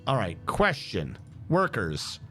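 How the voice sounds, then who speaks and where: Man on a headset, casual game commentary, lively up-and-down pitch, faint music behind. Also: slow. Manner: muttering, thinking aloud while troubleshooting. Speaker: streamer.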